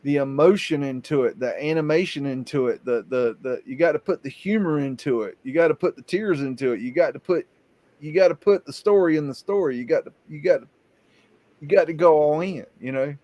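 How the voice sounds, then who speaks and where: Southern guy rambling through stories, slightly higher voice, dry sound. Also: brisk, a little mellow, no echo. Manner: rambling storyteller, frequent restarts. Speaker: show host. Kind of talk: casual live chat.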